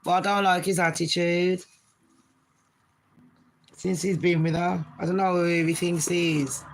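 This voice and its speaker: A British woman in her forties hosting a casual live stream from her bedroom, talking fast and swearing freely as she chats to her viewers and calls them babes. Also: on the low side, little pitch movement, slight background noise, poor audio. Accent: British English.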